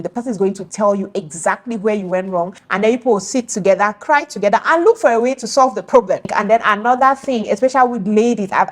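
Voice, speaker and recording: A young woman talks casually at a mid pitch. She speaks in an animated way, acting out quoted friends and chuckling between points. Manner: animated, acts out quoted friends, laughs often. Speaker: video host. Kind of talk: casual opinion monologue.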